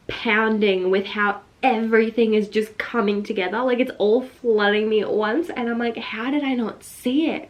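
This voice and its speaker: A woman's voice: on the high side, lo-fi sound. A young woman, vlogging about a book in a casual, gushing way. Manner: gushing, breathless enthusiasm with frequent "like". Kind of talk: excited casual vlog.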